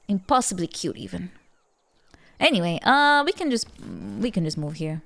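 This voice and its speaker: A woman's voice: medium pitch, animated, moderate pace, creaky, a bit bright. A woman streaming a strategy game, chatting playfully and reacting animatedly, often repeating words as she stammers and laughing between remarks. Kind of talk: casual live game-stream chat.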